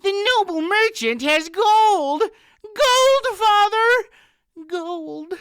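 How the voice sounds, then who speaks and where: Shrill greedy farmer's daughter. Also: male voice, expressive, extremely slow, a bit bright, dry recording, clean studio sound, exaggerated voice. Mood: wailing. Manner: shrill, snapping.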